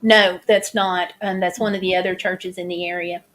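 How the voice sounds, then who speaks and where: A woman vlogger talking casually, halting and restarting as she describes flood damage. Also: lowish voice, flat delivery, a bit bright, slight background noise. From United States. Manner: chatty, halting, many restarts and fillers. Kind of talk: casual chat over photos.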